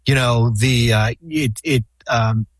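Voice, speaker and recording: A man of middle pitch spins long, meandering stories in casual chat, circling back and restarting as he goes. The sound is close and dry, with no room around it. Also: takes it slowly, dry recording. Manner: rambling anecdotes full of restarts and fillers. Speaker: podcast guest, former basketball team executive.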